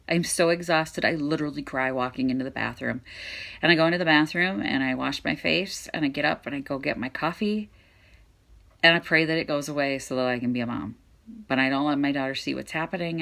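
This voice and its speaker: Hoarse woman host, candid talk to camera, frank and exasperated, bright edge to the voice. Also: low-pitched. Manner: frank and exasperated, talks directly to viewers. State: hoarse, voice fading in and out. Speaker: vlog host.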